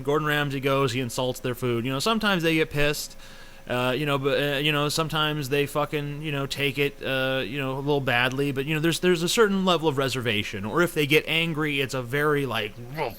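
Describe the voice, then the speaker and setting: A man's voice: medium pitch, bright, forceful tone, a little hiss or hum. A young man ranting casually in a video review, profane, rambling and sarcastic, full of fillers. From United States.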